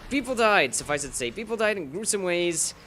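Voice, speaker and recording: A man's voice: high-pitched, sing-song, brisk, pushed and bright, a little hiss or hum. A man giving casual, rambling playthrough commentary, sarcastic, with sudden emphatic bursts. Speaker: gaming YouTuber.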